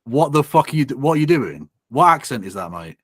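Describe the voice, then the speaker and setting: A man's voice: medium pitch, very animated, fairly quick, slightly rough, no echo. A man co-hosting a casual livestream and reacting to clips, sweary and sardonic. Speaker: streamer reacting to a video.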